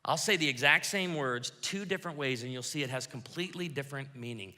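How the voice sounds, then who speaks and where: Bright-voiced pastor preaching in a hall. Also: male voice, mid-range voice, quick pace, few pauses. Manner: lively, acts out quoted lines. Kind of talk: sermon. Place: church auditorium. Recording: reverberant church hall.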